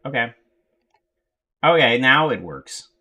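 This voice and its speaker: An American man streaming live, rambling to himself in casual chatter as he tries to fix his software. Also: medium pitch, very animated. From United States. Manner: mutters to himself while fixing software, slow and rambling.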